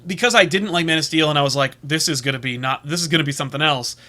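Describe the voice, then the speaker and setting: A man's voice: fairly high pitch, rapid-fire. A man co-hosting a podcast, chatting casually and animatedly as he theorizes. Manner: animated, theorizing, acts out quotes. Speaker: podcast co-host. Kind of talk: casual panel chat.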